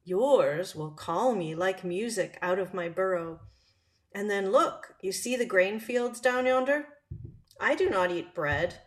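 A woman voicing a wise, gentle male fox in a calm, measured storybook reading. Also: mid-range voice, close to an everyday voice. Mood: wistful.

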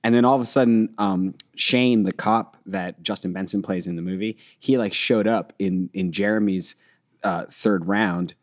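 A man with a low voice shares a story as a podcast guest, chuckling through it and filling the gaps with uh and like. His talk stays casual and easy. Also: fairly even intonation, moderate pace. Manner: laughing, storytelling, with fillers. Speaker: filmmaker guest.

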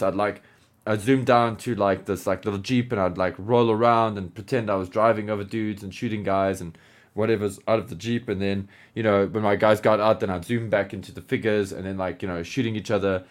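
A man co-hosting a podcast in casual chat, animated and laughing, with lots of filler words. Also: on the low side. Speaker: podcast co-host.

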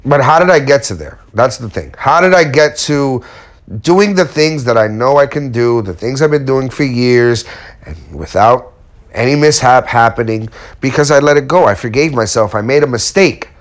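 A man's voice: medium pitch, animated, normal speed. A man who works as a custom furniture maker, giving a blunt, slangy motivational talk and swearing casually as he goes.

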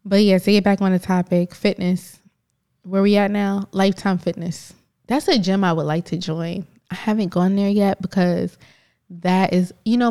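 A woman co-hosting a casual podcast, talking in a loose, rambling way. She laughs easily and jumps from one tangent to the next. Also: medium pitch. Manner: animated, rambling, quick to laugh. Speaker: podcast co-host.

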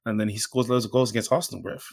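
A man's voice: on the low side, steady tone, rapid-fire, creaky. A man co-hosting a football podcast, laid-back and slangy in his banter. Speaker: podcast co-host. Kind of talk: casual football chat.

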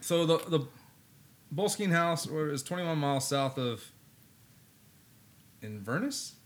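A man's voice: a little high, normal speed, a little hiss or hum. A man co-hosting a casual podcast, talking in a laid-back, rambling way with plenty of fillers. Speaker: podcast co-host.

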